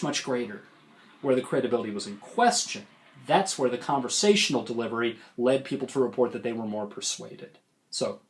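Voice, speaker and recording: Middle-aged male lecturer, public speaking instructor, animated and demonstrative, talking straight to camera. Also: medium pitch. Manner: animated, demonstrates big vocal range and gestures.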